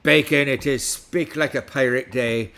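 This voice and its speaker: A middle-aged man hosts a relaxed livestream in a put-on West Country pirate accent. His voice is gravelly and unhurried, with a playful pirate swagger. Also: medium pitch. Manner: playful pirate talk, reads stats aloud. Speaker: livestream host. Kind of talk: casual livestream chat in a pirate voice.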